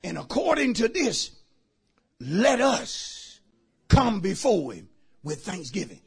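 A man preaching a sermon as pastor, shouting out lines and calling for responses from the congregation. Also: sits high, very animated, slow pace, gravelly, slightly rough.

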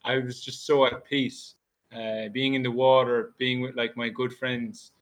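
A man's voice: medium pitch, flat delivery, unhurried. An Irish man, a podcast guest, chatting casually and leaning on "dude" and "bro" fillers. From Ireland. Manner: laid-back, lots of "dude" and "bro" fillers. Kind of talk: casual chat.

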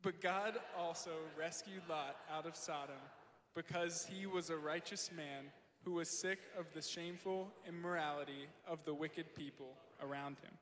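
A man reading a Bible passage aloud in a steady, measured way at a church service. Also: a little high, long reverb tail, crowd noise. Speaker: scripture reader.

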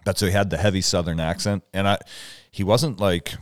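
Deep-voiced blunt podcast co-host, man. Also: fairly even intonation, fairly quick, dry recording, studio quality. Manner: blunt, profane storyteller. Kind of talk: casual podcast banter.

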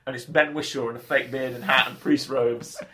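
A man's voice: mid-range voice, steady tone, moderate pace, sharp tone, slight background noise. A man co-hosting a film podcast, chatting casually and joking about movies with playful impressions. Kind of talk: casual chat.

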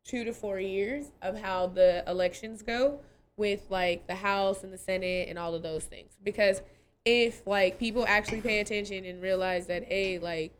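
A woman's voice: medium pitch, normal speed, smooth. Blunt, profane woman from California. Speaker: podcast guest. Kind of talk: casual drinking-podcast chat.

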